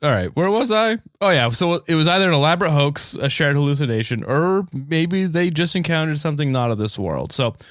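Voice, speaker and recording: A man from the United States hosting a comedy podcast, telling a story in a loose, animated way. He laughs often and swears casually. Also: a little high, a little fast, few pauses, dry recording, clean studio sound. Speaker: podcast host.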